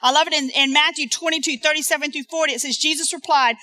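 A woman's voice: sits high, fairly quick, hardly any pauses, bright, forceful tone. A woman preaching a sermon in church, talking with the congregation and asking them to repeat lines after her. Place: church sanctuary.

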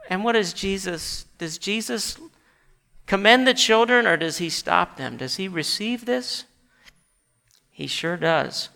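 A man preaching a sermon in a church, animated and rising to shouts when he quotes scripture. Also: high voice, measured pace, creaky, in a large hall. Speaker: pastor.

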